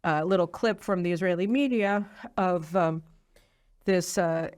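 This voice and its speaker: A woman's voice: on the low side, a little slow, a little mellow. A woman hosting a political commentary show, talking in an opinionated way with many fillers. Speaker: host.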